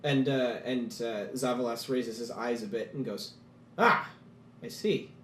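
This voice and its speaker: A man's voice: mid-range voice, steady tone, normal speed, a little mellow, slight background noise. Casual male game master narrating. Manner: casual storytelling with fillers. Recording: echoey room.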